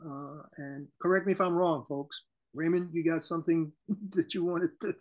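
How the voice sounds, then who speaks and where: A man co-hosting a political talk show, his voice sitting a little higher than most men's. He delivers his commentary in an animated, indignant way. He is heard over a remote call link. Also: moderate pace. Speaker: co-host.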